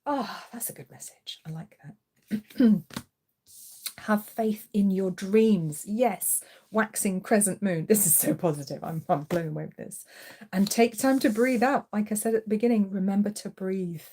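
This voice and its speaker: Mellow-voiced woman giving a tarot reading. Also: mid-range voice, moderate pace, husky. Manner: chatty, reassuring, encouraging; coos to her cat in a playful voice. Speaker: tarot reader and channel host. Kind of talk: live tarot reading chat.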